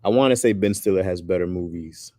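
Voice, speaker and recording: A man chatting casually with his viewers in a loose, animated way, often calling people "bro". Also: sits low, a little fast, no echo, studio quality. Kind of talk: casual chat.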